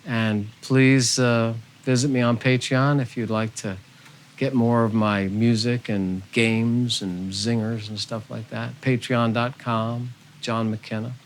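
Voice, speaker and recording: A man speaks in a soft, unhurried way, sharing a spiritual message straight to his viewers. His voice sits at an ordinary middle pitch. A faint background noise runs under the recording. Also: level tone. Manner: soft, unhurried, with gentle laughs and fillers. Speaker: spiritual vlogger. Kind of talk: gentle spiritual talk to camera.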